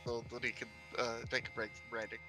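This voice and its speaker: A man's voice: medium pitch, monotone, brisk, pushed and bright, faint music behind. A man playing in a tabletop game, describing his character's actions hesitantly with many fillers. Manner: hesitant, full of ums and uhs. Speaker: player.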